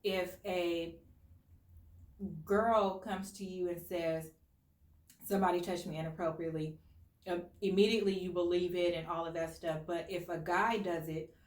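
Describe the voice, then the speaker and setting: A woman's voice: lowish voice, steady tone, a little slow. An American woman hosting a casual discussion, talking earnestly and with strong opinions, with many "like" fillers. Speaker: host. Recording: echoey room.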